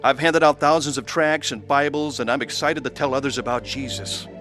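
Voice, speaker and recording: A man's voice: medium pitch, steady tone, a little fast, music in the background. A man narrating his own testimony in an earnest, pleading way.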